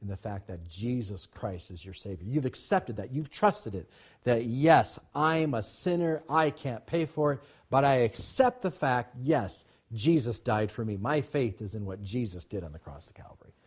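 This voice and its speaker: Male pastor, husky voice, emphatic preaching with call and response. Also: mid-range voice, expressive, normal speed, darkish tone. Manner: emphatic, repetitive, calls to the congregation. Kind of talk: sermon.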